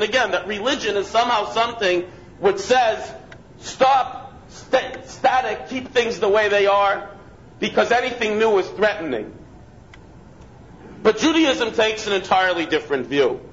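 Man, rabbi, high-pitched voice, conversational lecture, asides and restarts, dull lo-fi recording, faint background noise. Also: fairly bright tone. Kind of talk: lecture with storytelling.

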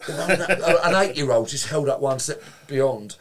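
A man, a guest telling lively anecdotes in casual chat, swearing freely and acting out quotes. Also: fairly high pitch, takes it slowly. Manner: animated, swears freely, acts out quotes, laughs while telling.

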